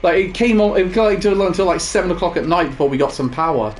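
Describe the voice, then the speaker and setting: A man's voice: high-pitched, expressive, fast, slight background noise. A young man chatting casually while gaming, telling rambling stories with many fillers and restarts. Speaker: gaming co-host.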